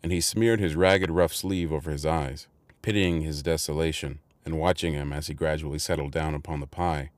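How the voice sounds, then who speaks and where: A man narrating a classic novel in a measured, unhurried storytelling manner. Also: a bass voice, steady tone, no echo. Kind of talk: audiobook reading.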